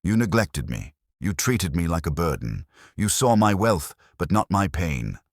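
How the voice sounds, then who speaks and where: Casting: a stern, wealthy old storybook mother who scolds in firm, measured tones, husky and raised in pitch, as a male narrator puts her on. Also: sing-song, dry recording, studio quality, full character voice. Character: wealthy older woman, wounded and stern.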